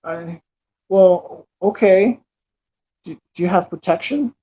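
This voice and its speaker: A man's voice: sits high, slow, warm tone, pitched above the performer's own voice. A man voicing a hesitant, coy drunk young woman who is playing hard to get. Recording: dull lo-fi recording.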